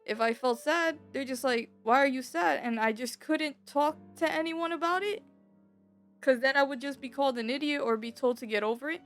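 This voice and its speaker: Over soft background music, a young adult woman with a high voice tells a personal story at normal speed. Her telling is casual and rambling, packed with slang and filler words.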